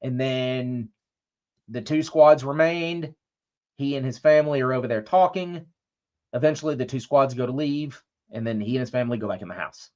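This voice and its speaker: On a lo-fi recording, a man speaks at medium pitch and normal speed with a darkish tone. He co-hosts a podcast and tells a long, rambling, profane anecdote in casual chat, voicing what people said.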